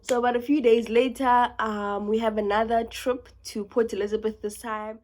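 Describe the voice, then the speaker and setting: A young woman from South Africa with a South African accent, telling a story in a casual vlog, talking fast and animated and dropping into whispers. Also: on the high side. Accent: South African English. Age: young adult. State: sick. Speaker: YouTuber.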